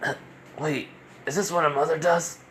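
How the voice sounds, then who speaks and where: A man's voice: on the high side, fairly even intonation, normal speed, fairly bright tone, slight background noise, pitched above the performer's own voice, close to an everyday voice. A man voicing a doting, motherly female demon who fusses eagerly over a young man.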